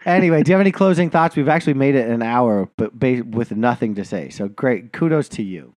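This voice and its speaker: A man's voice: medium pitch, fairly quick, no room sound, studio quality. A man co-hosting a podcast in casual chat, joking and trailing off mid-thought. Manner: joking, animated, trailing off and restarting. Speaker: podcast co-host.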